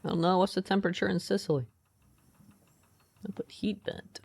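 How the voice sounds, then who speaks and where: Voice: medium pitch, brisk, gravelly, a little mellow, a little hiss or hum. A streamer giving live gaming commentary, chatty, thinking aloud and reading game text aloud. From United States.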